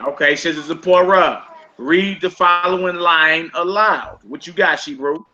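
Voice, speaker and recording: A man's voice: a little high, unhurried, bright, forceful tone. A man teaching a classroom language lesson in a casual manner, saying y'all and repeating each word for his students. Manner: casual, uses y'all, drills words by repeating them. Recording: muffled recording with background noise.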